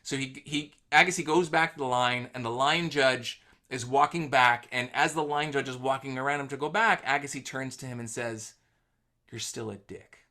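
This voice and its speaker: A man with a bright, forceful voice hosts a live online session. He tells stories in a loose, chatty way, with plenty of fillers. The sound comes through a video call mic. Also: mid-range voice, moderate pace. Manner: animated anecdote-telling with fillers. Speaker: host. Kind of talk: casual webinar storytelling.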